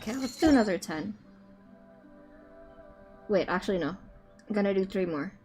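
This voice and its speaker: A woman live-streaming a game, chatting casually, with loud swearing outbursts and quiet muttered sums. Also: mid-range voice, normal speed, over music. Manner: excitable, loud outbursts and swearing, then muttering math to herself.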